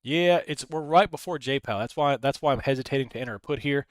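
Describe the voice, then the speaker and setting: A man's voice: medium pitch, quick pace, dry recording. A man hosting a casual live stream, rambling, reading chat messages aloud and talking through his trades. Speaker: livestream host.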